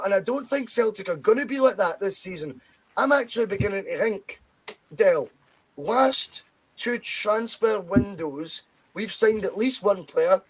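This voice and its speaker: Guy hosting a footy podcast, fairly high voice, chatty and sweary. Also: rough recording. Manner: chatty, swears freely, reads quotes aloud. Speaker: podcast host. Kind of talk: casual football podcast chat.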